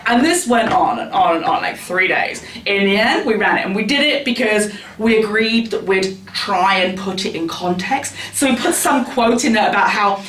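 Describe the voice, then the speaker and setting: A man's voice: high voice, lively intonation, normal speed, fairly bright tone, slight background noise. A man, a tabloid journalist, telling candid, gossipy, profane stories in an interview. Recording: roomy sound, distant mic.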